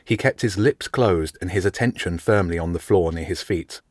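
A male narrator reading a storybook aloud, even and measured. His voice sits low, and the recording is close and dry. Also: no echo. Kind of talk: audiobook narration.

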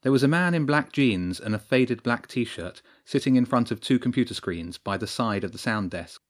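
A man reads a story aloud with a steady storytelling delivery. His voice sits in a middle register. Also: medium pitch, normal speed. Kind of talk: scripted narration.

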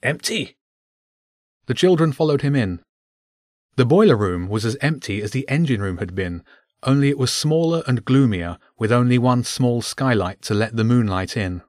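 Man, storyteller, children's book narration, mid pitch, dry close sound. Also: animated, normal speed, darkish tone, no room sound.

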